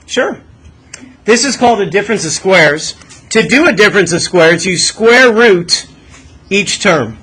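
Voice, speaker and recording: A man's voice: high voice, expressive, unhurried, a bit bright, slightly rough, poor audio. A male math teacher leading a classroom lesson, coaxing students with questions and asking them to think aloud.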